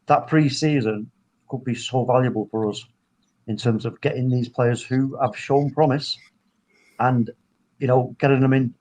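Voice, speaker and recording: A man hosting a casual football chat over a video call, talking in animated, rambling bursts full of restarts. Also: mid-range voice, rough recording. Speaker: football podcast host.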